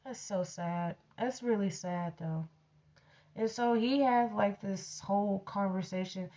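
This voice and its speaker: A woman's voice: medium pitch, measured pace, warm tone, dull audio. A woman telling a personal story in a blunt, profane, ranting way, casually addressing her audience. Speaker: storyteller host.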